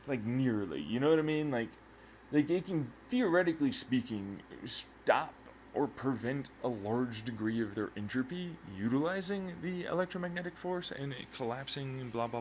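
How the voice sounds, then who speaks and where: A man hosting his own channel, talking through a rambling, excitable science monologue full of tangents, sound effects and swearing. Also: fairly low pitch, a little hiss or hum. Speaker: channel host.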